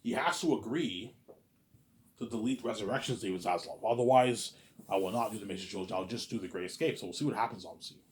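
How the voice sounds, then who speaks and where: Man, low voice, rambling vlogger who keeps saying "you know what I'm saying" and jumps loud to act out lines. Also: fast, slight background noise. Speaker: vlogger pitching a movie idea. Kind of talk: rambling casual monologue to camera.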